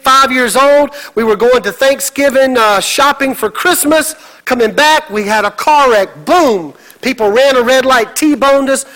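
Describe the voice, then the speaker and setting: A middle-aged pastor delivers an animated sermon and slips into voices of the people in his story. His voice sits very high and sounds bright and forceful. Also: rough recording. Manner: animated preaching, acts out voices of God and Moses.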